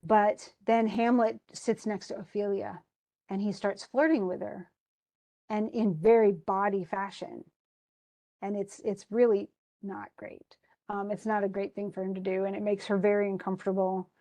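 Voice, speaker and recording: A woman's voice: medium pitch, level tone, normal speed, warm tone. A woman teacher casually retelling a play, chatty, putting its lines into everyday speech.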